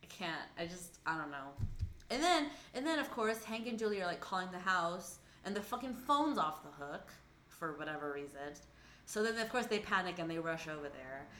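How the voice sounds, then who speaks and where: A young adult woman co-hosting a casual podcast, recapping a show in an animated, profane way and acting out the characters' lines. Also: fairly low pitch, moderate pace, slight background noise. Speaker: podcast co-host recapping a TV episode. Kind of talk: casual chat. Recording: echoey room.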